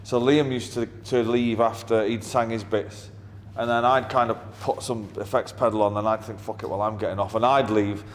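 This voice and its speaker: A middle-aged musician tells anecdotes in an interview, blunt, wry and swearing heavily. His medium-pitched voice keeps fairly even intonation at normal speed with few pauses, and the recording has long reverb and faint ambient noise.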